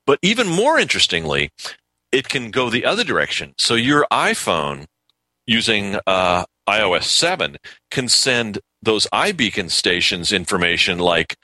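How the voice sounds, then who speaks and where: Opinionated guy on a tech radio show, bright lowish voice, dry sound. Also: big pitch swings, measured pace, no echo, poor audio. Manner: opinionated, ranting. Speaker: tech pundit guest. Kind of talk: casual radio chat.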